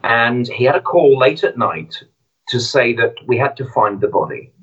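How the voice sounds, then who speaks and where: A man's voice: mid-range voice, sing-song, normal speed, fairly bright tone, slightly rough, muffled recording. A man who is a podcast guest, telling a moving story and talking about his podcast with hesitant restarts. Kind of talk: casual interview chat.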